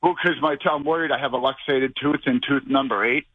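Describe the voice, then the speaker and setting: Breathless, rambling caller with a Boston accent. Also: male voice, medium pitch, steady tone, fairly quick, crowd noise. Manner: rambling, restless, talks over the host. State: slightly out of breath. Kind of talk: phone call to a talk show. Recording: tinny phone line.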